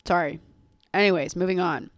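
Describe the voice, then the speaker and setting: A woman's voice: fairly low pitch, moderate pace, no echo, clean studio sound. A woman in her twenties hosting a casual solo podcast, rambling, swearing freely and gushing about pop culture, often laughing and apologizing. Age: 20s. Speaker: podcast host.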